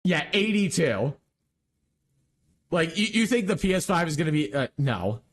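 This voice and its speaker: A man hosting a casual reaction chat, sarcastic and animated. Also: on the high side, normal speed. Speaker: host.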